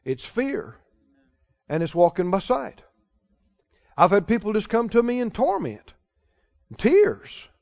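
A man's voice: high-pitched, very animated, slow pace, gravelly, pauses often, a little mellow. A man preaching a sermon, stretching out his key phrases for emphasis and chuckling now and then. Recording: dull lo-fi sound.

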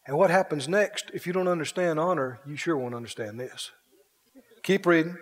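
A man's voice: on the high side, normal speed. A male pastor preaching a sermon, telling a story dramatically, repeating phrases in a driving cadence and asking the congregation questions. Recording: long reverb in a large hall.

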